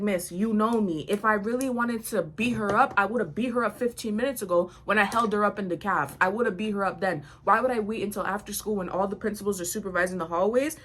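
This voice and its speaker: A young woman vlogger telling a storytime while getting ready, blunt and animated, acting out the other people in the story. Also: mid-range voice. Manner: blunt, animated retelling with quoted voices.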